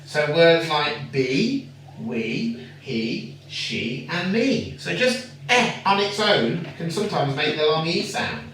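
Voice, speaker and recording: A teacher giving a patient phonics lesson to a young child, sounding out words slowly and praising often. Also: mid-range voice, lively intonation, a bit bright, distant mic. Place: home room. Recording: echoey room, away from the mic, faint noise.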